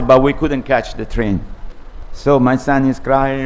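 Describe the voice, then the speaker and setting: A man's voice: medium pitch, steady tone, a little slow, slight background noise. A man giving a scripture class, telling a personal story in a conversational way. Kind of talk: sermon with a personal anecdote.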